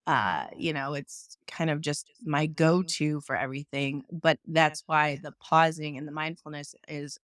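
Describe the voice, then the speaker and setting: A woman's voice: sits low, measured pace, hardly any pauses, a bit bright, dry recording, clean studio sound. A woman and mother hosting a podcast, chatting openly and asking long questions. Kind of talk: casual interview talk.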